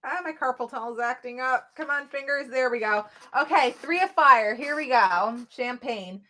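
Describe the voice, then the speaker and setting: Woman, higher voice, casual tarot vlog, chatty with viewers. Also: moderate pace, few pauses, bright, forceful tone. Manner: chatty, talks straight to viewers while reading cards. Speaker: tarot reader vlogger.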